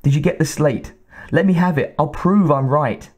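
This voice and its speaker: A man's voice: medium pitch, normal speed, a little mellow, muffled recording, natural voice. A man voicing a frightened young woman officer under attack, pleading and breathless. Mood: urgent.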